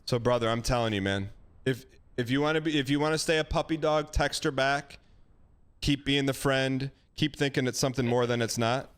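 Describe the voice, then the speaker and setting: A man streaming, giving blunt, animated dating advice to a caller. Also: medium pitch, brisk, clean tone. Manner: blunt, animated, acts out quoted lines. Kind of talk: casual advice chat.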